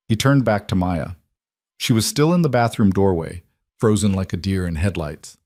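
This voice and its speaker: Guy narrating a dark romance story, steady, lowish voice, dry close mic. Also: a little slow, no room sound.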